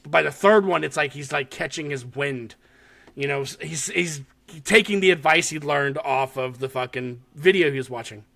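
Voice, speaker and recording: A man's voice: a little high, normal speed, creaky. A man co-hosting a podcast, animatedly recapping a horror short in casual chat, swearing often and laughing as he tells it. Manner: animated, swears a lot, laughs while telling.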